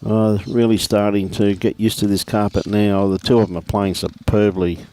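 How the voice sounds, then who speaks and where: A man's voice: lowish voice, level tone, moderate pace, dark tone. A middle-aged man with an Australian accent commentating lawn bowls live, laid-back and jokey, calling people mate. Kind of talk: live sports commentary with banter.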